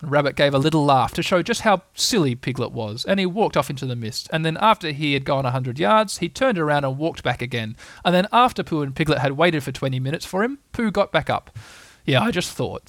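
A man narrating a children's story with a lively, lilting delivery and a fairly high voice. The sound is dry and close. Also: a little fast, few pauses, dry recording. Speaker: audiobook reader.

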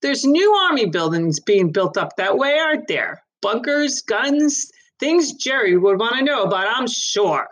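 A woman voicing a blunt, hostile village man accusing a neighbor, speaking roughly and scornfully in a read-aloud story. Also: a little high, big pitch swings, a little slow, hardly any pauses, a bit bright, voice pushed up, exaggerated voice.

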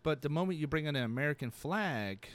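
Rambling man with a lively voice. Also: fairly high pitch, fast talker. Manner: rambling, joking, repeats himself. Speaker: podcast co-host. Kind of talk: casual chat.

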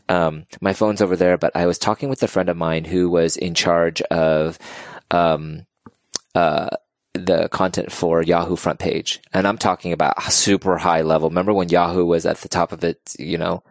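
A man's voice: sits low, brisk, dry recording, studio quality. A man telling stories in a casual podcast interview, earnest and emotional, tearing up as he talks. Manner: earnest, emotional, animated storytelling. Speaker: podcast guest.

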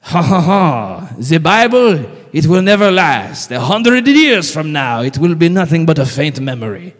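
A haughty, scoffing French snob, as a preacher puts him on in an exaggerated French accent. The words come slow and drawn out, and the voice rides a little high. It rings with the long reverb of a large hall. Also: male voice, very animated. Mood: mocking. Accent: put-on French. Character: sneering snobbish French atheist man, mocking.

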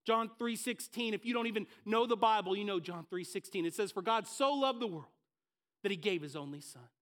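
A man's voice: high-pitched, brisk, a bit bright. A man preaching a sermon as pastor, acting out the listeners' thoughts in short quoted voices. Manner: dynamic preaching, acts out the listeners' inner voices.

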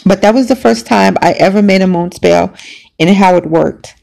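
Gravelly-voiced woman telling a personal story. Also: medium pitch, moderate pace, a little mellow. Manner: casual, emphatic, conversational with many fillers. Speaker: podcast host.

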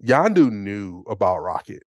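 A low-pitched man talks through a film in an excitable, rambling way, often slipping into quoted lines. His voice sits close and dry on the mic, with no room sound around it. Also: unhurried, dry recording. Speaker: podcast co-host. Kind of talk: casual movie review chat.

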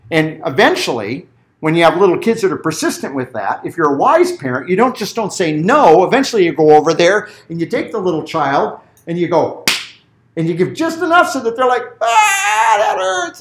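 Lively animated male preacher. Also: on the high side. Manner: animated storytelling, acts out voices. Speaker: pastor. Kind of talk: sermon.

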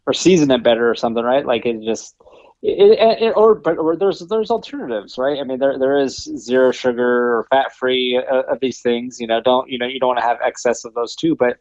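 A man's voice: mid-range voice, lively intonation, brisk, darkish tone, no room sound, highs cut off. A man co-hosting a podcast in casual chat, explaining earnestly with many restarts and tag questions. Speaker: podcast co-host.

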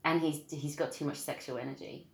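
A woman's voice: sits low, steady tone, brisk. A woman co-hosting a podcast in casual chat, playful and laughing often. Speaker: podcast co-host. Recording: echoey room.

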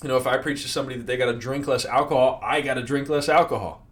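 A man's voice: mid-range voice, very fast. Casual motivational man with tag questions. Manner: conversational, many fillers and "right?" tags. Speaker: sales leader in financial services.

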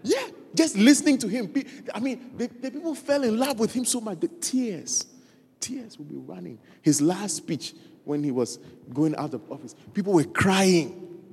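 Preacher, husky voice, lively pitch, long hall echo, animated sermon. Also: moderate pace. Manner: animated, acts out quoted voices; repeats key phrases for emphasis. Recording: reverberant hall.

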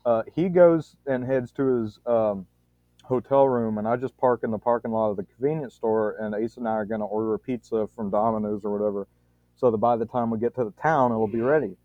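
A man on a podcast spins a long, rambling anecdote, often restarting his sentences and swearing casually. His voice comes through narrow and tinny, like a phone line, with a dry sound and no room echo. His pitch is average for a man. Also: fairly quick. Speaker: podcast storyteller.

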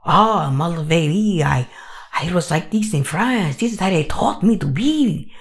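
A woman's voice: on the low side, expressive, a little slow, voice pushed down. Woman doing a crooning Frenchified cartoon skunk. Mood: wistful. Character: romantic male cartoon skunk with a put-on French accent.

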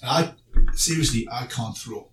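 A man's voice: mid-range voice, normal speed, a bit bright. Male podcast co-host, rambling self-deprecating anecdotes, roomy distant sound. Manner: rambling storyteller, self-mocking, restarts. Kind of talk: casual chat, anecdotes. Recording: roomy, distant mic, faint noise.

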